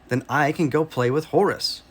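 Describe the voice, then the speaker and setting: A man with an American accent voicing an excitable, easily frightened little male pig in a storybook, squeaky and eager. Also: normal speed, slightly rough. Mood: excited. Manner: eager, squeaky, stammering when scared.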